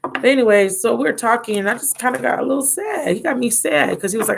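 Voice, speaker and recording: A woman's voice: on the high side, animated, fast talker, gravelly, background noise. A woman in her thirties hosting a casual live-stream chat from home, rambling and talking straight to her viewers. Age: 30s. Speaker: tarot reader and channel host.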